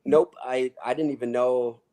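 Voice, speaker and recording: A man co-hosting a casual chat, telling a personal story in a relaxed way and dropping "dude" into his sentences. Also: mid-range voice, moderate pace. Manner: relaxed, easygoing, says "dude" often.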